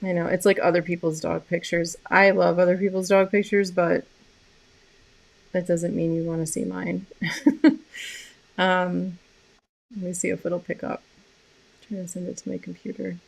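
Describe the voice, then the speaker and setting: A woman hosting a live stream about animal communication, talking casually and softly, rambling with many fillers and restarts. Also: lowish voice, level tone, normal speed, gravelly, pauses often.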